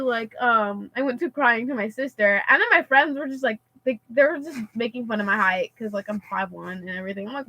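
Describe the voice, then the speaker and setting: A woman's voice: on the high side, moderate pace, sharp tone, low-quality recording. A teenage girl telling a story in casual chat, rambling and filling her sentences with "like" and "and stuff like that.". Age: teens. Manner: rambling, heavy use of "like" and "and stuff like that".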